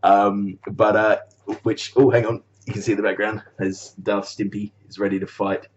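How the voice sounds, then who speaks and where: A man's voice: fairly low pitch, flat delivery, normal speed, dull audio, slight background noise. A man chatting casually in a rambling way on his video blog. He laughs often, swears freely and trails off mid-thought. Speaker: animator vlogger.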